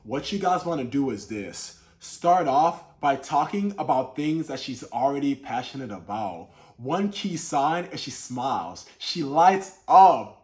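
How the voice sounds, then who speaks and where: A man speaks in a mid-pitched, ordinary voice, coaching his viewers on dating and marriage. He talks earnestly and directly, calling them brothers. His delivery is that of a motivational video talk. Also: lively intonation, a little slow, few pauses, a little mellow. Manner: demonstrates tone of voice in examples.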